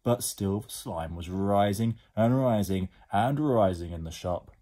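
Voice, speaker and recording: A man reading a children's storybook aloud as a teacher, expressive and animated. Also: lowish voice, measured pace.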